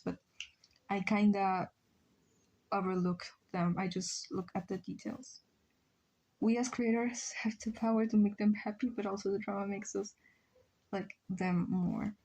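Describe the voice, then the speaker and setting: A woman's voice: medium pitch, mellow. A young woman, a native Spanish speaker, chatting casually on a drawing stream, self-mocking, with frequent ums and laughs. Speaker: livestreamer. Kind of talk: casual stream chat reading chat messages.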